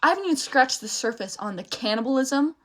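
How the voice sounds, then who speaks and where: A woman's voice: sits high, lively intonation, fast talker. A young woman ranting angrily to camera, swearing often and breaking off mid-sentence. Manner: angry, swearing often, emphatic; restarts and trails off while upset. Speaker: social media creator. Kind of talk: heated rant to camera.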